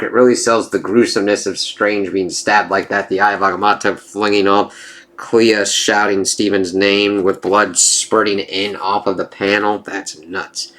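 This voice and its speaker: A man with a fairly low voice talks through a comic issue in a loose, rambling way. He jumps between summary and excited reactions in an easygoing, casual tone. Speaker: comic book reviewer.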